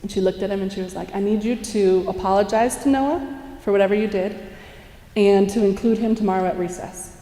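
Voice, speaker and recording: A young woman gives an inspirational talk to a live audience in a large conference hall, her mid-range voice moving a little fast. She tells animated stories, acts out quotes and laughs often. The echoey hall makes her sound distant.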